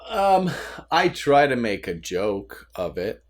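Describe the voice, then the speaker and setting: A man's voice: mid-range voice, very animated, slow. A man co-hosting a casual podcast as a new father, talking candidly with jokes, frequent laughs and some swearing, recorded at his desk at home. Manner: candid, joking, laughs often, mild swearing.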